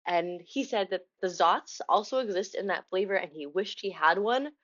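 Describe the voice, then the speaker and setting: A woman's voice: mid-range voice, moderate pace. Young woman vlogger, casual storyteller, muffled phone-style audio. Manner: chatty, animated retelling with quoted dialogue and laughs.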